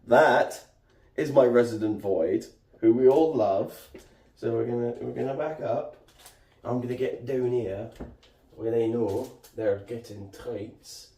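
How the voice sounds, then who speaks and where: A man's voice: medium pitch, takes it slowly, dark tone, distant mic. A man chatting casually on his vlog, playful as he shows off his cats. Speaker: vlogger. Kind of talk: casual vlog talking to camera. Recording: roomy echo, voice from off the mic.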